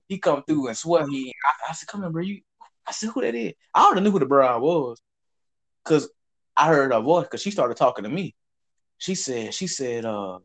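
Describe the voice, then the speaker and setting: A man with a Southern US accent telling a story in casual chat, animated and profane, acting out what people said. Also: a little high, a little fast. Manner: animated, profane, acts out quotes. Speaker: storyteller host.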